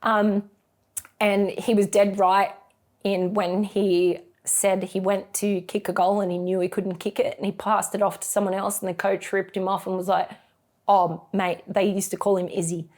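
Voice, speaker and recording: A woman's voice: mid-range voice, level tone, normal speed, darkish tone. A middle-aged woman with an Australian accent, a mother expressively recounting memories in an interview.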